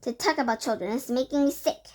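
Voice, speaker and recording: A woman voicing a domineering female witch leader, declaiming loudly and barking orders. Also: a little high, normal speed, lightly acted. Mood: ranting. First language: Korean.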